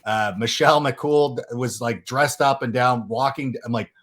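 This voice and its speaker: A man's voice: medium pitch, moderate pace, fairly bright tone. A man hosting a podcast in casual chat, telling stories animatedly and acting out quotes in raised voices. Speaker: podcast host.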